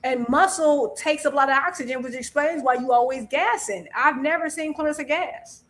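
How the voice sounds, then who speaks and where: A chatty woman co-hosting a casual live stream who laughs easily. Her voice sits somewhat high. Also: moderate pace, a bit bright. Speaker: boxing podcast co-host.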